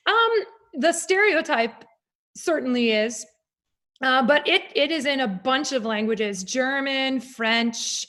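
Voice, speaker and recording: A woman opera singer talking in an interview, animated and reflective, with frequent fillers. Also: high voice, slow. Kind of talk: conversational interview.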